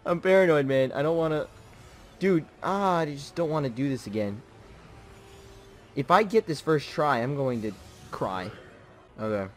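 A young man playing a video game and commenting as he plays, muttering pep talks to himself and repeating words in quick bursts. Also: fairly high pitch, animated. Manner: swings from muttered self-coaching to yelling in frustration. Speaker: gaming channel host. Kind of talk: live gameplay commentary.

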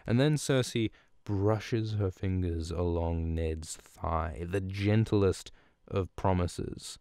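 A male podcast host rambles through a profane, casual recap, stumbling and restarting as he goes. His voice is low and smooth, and it sits close and dry on the mic. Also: takes it slowly, warm tone, dry recording. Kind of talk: casual recap of a book chapter.

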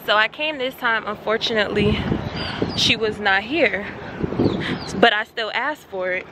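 A young woman vlogger telling a story in a casual, animated way to her viewers while loading her car outdoors, with faint traffic behind her. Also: mid-range voice, a little slow.

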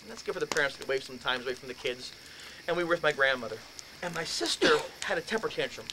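A man's voice: a little high, expressive, very fast, noisy background. Man telling a story with dramatic bursts. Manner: dramatic, acts out scenes with sudden loud bursts. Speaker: speaker at a haunted-house talk. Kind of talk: animated first-person storytelling.

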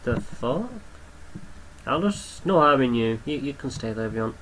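A young man talks his way through a simulation game, chatting to the creatures on screen as he goes. His voice sits at an ordinary middle pitch. A faint hiss of noise runs underneath. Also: expressive, normal speed, fairly bright tone, poor audio. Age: young adult. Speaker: gameplay commentator. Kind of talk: casual gameplay commentary.

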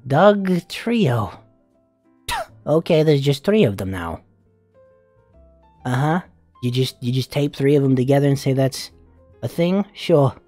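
Fan-voiced brash male spider demon, crude and giggly, swoopy lively pitch, dry close sound, faint music behind. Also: no room sound. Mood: incredulous mocking. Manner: crude, swearing, giggly, doting. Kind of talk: comedic fan character voice reaction.

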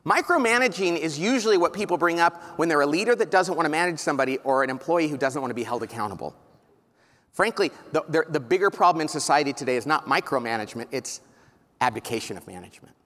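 A man's voice: on the high side, fast. A middle-aged man from California, giving a live conference keynote, telling stories and acting out the voices of people he quotes. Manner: animated storytelling, acts out quoted voices. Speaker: keynote speaker. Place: large conference hall with live audience. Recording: long hall reverb.

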